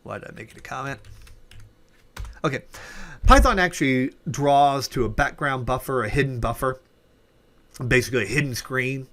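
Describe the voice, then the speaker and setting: A man's voice: mid-range voice, fairly bright tone. A man teaching programming in a casual coding tutorial, thinking aloud with fillers and self-corrections as he works. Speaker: programming instructor.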